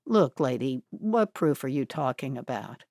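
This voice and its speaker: A woman voicing a shifty, menacing young man who turns defensive and talks faster when cornered. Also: very deep voice, animated, a little mellow, no room sound, studio quality, voice pushed down, heavily acted.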